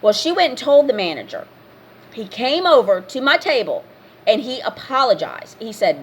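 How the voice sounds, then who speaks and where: A woman with a slightly high voice delivers a casual rant to her camera. She is blunt and scolding and keeps repeating herself to drive each point home. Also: sing-song, normal speed, slightly rough. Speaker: vlogger.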